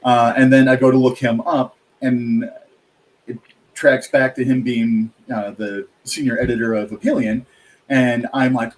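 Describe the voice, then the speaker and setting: A man's voice: mid-range voice, flat delivery, a little slow, poor audio. A man chatting as a guest author, rambling with many fillers and quoted asides. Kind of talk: casual chat.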